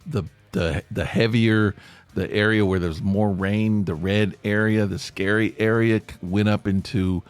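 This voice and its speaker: Chatty East Tennessee man, low voice. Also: fairly even intonation, unhurried, clear, resonant tone, no room sound. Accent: East Tennessee Appalachian. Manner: chatty, rambling, storyteller. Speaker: podcast host. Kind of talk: casual podcast monologue.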